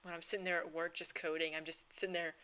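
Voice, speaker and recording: A woman's voice: lowish voice, little pitch movement, quick pace, bright, forceful tone, smooth, low-quality recording. A woman co-hosting a let's play, chatting playfully and giggling between bits of dialogue. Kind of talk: casual chat over gameplay. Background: game music.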